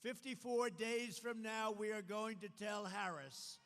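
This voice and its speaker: An older man giving a political rally speech, repetitive and emphatic, sometimes shouting. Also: sits high, unhurried, in a large hall. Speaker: political speaker.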